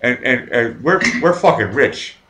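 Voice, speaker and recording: A man's voice: medium pitch, expressive, measured pace, background noise. A man hosting a casual live chat show, rambling and stammering through crude jokes.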